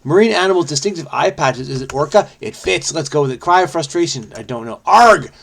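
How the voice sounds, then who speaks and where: A man's voice: a little high, lively intonation, quick pace, vocal fry. A man hosting a crossword video, thinking aloud in a rambling, self-questioning way as he solves. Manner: rambling, self-questioning, frequent "I don't know". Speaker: crossword solving video host. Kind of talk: casual think-aloud puzzle solving.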